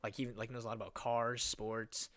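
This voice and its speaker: A man's voice: medium pitch, level tone, normal speed, fairly bright tone. A young man hosting a podcast, telling rambling stories in casual chat, swearing and full of fillers. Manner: rambling storyteller, swears a lot, many fillers. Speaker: podcast host.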